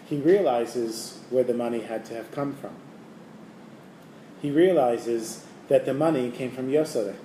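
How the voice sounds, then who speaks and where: A man tells a religious tale with animation and plays the people in it. His voice is mellow and sits a bit high. The recording is roomy, with faint hiss. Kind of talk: storytelling. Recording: echoey room, faint hiss.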